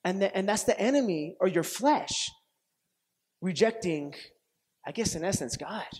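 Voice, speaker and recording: A male pastor delivers a sermon in a fairly high voice, swinging between lively acted-out exchanges and quieter reflective stretches. He repeats and restarts phrases and asks the room whether it makes sense. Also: unhurried, breathy edge. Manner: animated storytelling, acts out quoted voices, laughs often; repetitive restarts, asks audience questions.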